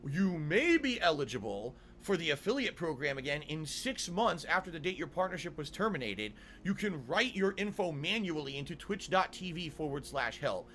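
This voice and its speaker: A man's voice: on the high side, very animated, moderate pace, hardly any pauses, fairly bright tone, slight background noise. A middle-aged male streamer ranting angrily to his viewers, swearing and repeating his demands. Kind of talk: angry rant to camera.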